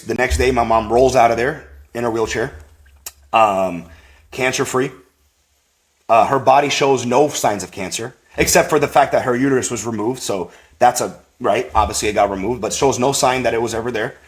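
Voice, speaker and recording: A man, a podcast guest, tells a personal faith story in a rambling, animated way, with lots of fillers and acted-out quotes. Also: mid-range voice, normal speed. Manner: rambling, full of "like" and "you know"; animated, acts out quoted voices.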